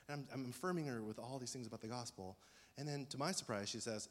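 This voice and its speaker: A middle-aged man preaching a sermon as pastor, conversational and storytelling with animated emphasis. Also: mid-range voice, quick pace. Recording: long hall reverb.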